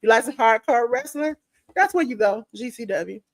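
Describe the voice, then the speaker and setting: A woman hosting a casual wrestling podcast, her voice going hoarse, chatting straight to her listeners. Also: a little high, animated, moderate pace, no echo. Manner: chatty, addresses listeners directly as ladies and gentlemen. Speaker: podcast host. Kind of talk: casual wrestling preview chat.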